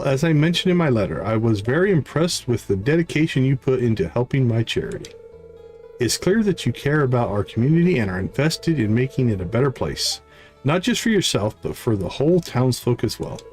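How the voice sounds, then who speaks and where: A man reading the lines of a kindly, well-meaning old grandmother, pitching his voice a little higher. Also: big pitch swings, fairly quick, a little mellow, faint music behind, natural voice. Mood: gracious.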